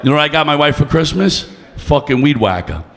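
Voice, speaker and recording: A man's voice: a little high, lively intonation, fairly quick, vocal fry. A man doing stand-up, brash and profane, teasing the crowd. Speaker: stand-up comedian. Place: comedy club stage. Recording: long reverb of a club room.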